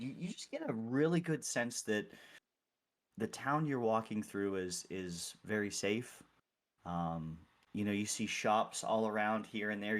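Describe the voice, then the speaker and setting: A man narrating as game master, describing scenes loosely with many fillers. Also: lowish voice. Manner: rambling, filler-heavy description.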